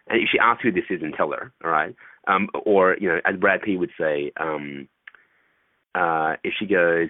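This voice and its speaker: A man's voice: deep voice, fairly even intonation, normal speed, no echo. A man guest coaching on dating, talking loosely with swearing and acting out phone calls. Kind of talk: casual interview talk. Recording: tinny phone-like line, dry.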